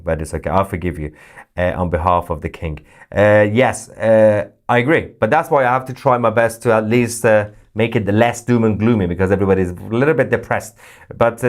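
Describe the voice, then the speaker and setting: A man hosting a live news stream, reading chat messages with sarcastic jokes and sudden high-pitched mock voices. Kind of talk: casual live-chat commentary.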